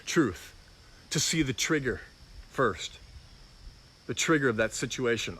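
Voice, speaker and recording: A man's voice: mid-range voice, animated, measured pace, a bit bright, breathy edge. Reflective middle-aged male preacher. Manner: reflective, personal and confessional. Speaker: pastor. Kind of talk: informal sermon.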